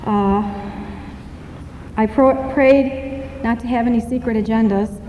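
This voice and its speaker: A woman's voice: on the high side, steady tone, slow pace, mellow, slight background noise. A woman giving a candid, self-deprecating personal testimony as guest speaker at a recovery meeting, joking between serious moments. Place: meeting hall. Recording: echoey hall, dull muffled sound.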